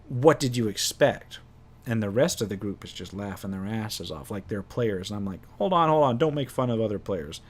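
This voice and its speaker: Man, game master, casual rambling story, mid-pitched voice, quick asides. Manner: rambling, many restarts, acts out players' voices.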